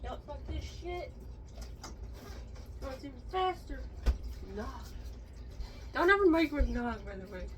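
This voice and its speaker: A young woman ranting casually in a home vlog, swearing and frustrated, jumping between loud outbursts and low muttering. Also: expressive, unhurried, pauses often, over music. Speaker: vlogger.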